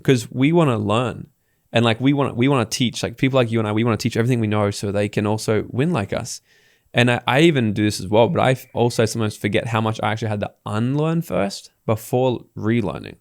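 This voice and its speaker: Gravelly Australian man, animated storyteller. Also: on the low side, fast, no room sound, studio quality. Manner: animated storytelling, acting out quoted people. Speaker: podcast guest. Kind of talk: casual interview talk.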